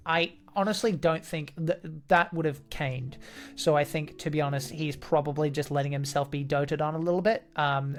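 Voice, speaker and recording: A woman running a tabletop game as game master, narrating loosely with many restarts. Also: deep voice. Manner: rambling, many fillers and restarts.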